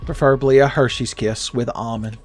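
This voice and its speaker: A man giving joking, casual commentary while playing a video game, jumping up in pitch when excited. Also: brisk, soft background music. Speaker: let's play host.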